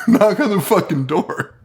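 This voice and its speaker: A young man co-hosting a podcast, recapping a horror movie in casual talk, swearing a lot and laughing often. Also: high voice. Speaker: podcast co-host.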